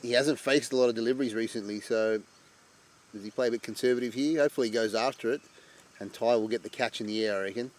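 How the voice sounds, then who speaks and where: A man giving chatty live commentary on an amateur cricket match. He breaks into loud excitement at wickets. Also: mid-range voice, fast talker.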